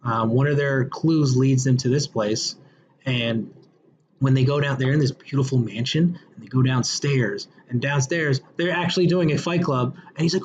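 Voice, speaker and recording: A man's voice: medium pitch, moderate pace, a little mellow, a little hiss or hum. A man hosting a podcast, chatting casually and acting out movie scenes in put-on voices. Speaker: podcast host. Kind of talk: casual movie review chat. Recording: dull lo-fi podcast audio.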